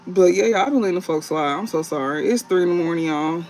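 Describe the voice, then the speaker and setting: A man hosting a late-night livestream as a tarot reader, talking bluntly and profanely with drawn-out fillers and repeated phrases. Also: high voice, a little mellow, soft background music.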